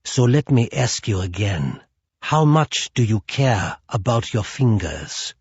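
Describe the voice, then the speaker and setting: A man voicing a cruel German female assassin in an audiobook, slow, purring and menacing. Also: lowish voice, sing-song, husky, dry recording, dull audio, exaggerated voice. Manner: slow, menacing, sweetly threatening.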